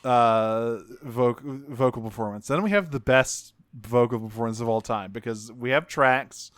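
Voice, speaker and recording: A man's voice: mid-range voice, measured pace, no echo. A man co-hosting a podcast, chatting casually and profanely as he recaps cartoon episodes and acts out lines in goofy voices. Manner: animated, profane, acts out quotes in silly voices. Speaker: podcast co-host.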